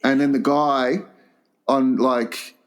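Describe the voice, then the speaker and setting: A man's voice: medium pitch, fairly even intonation, slow. A man co-hosting a crude comedy podcast, firing off vulgar jokes and swearing often. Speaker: podcast co-host.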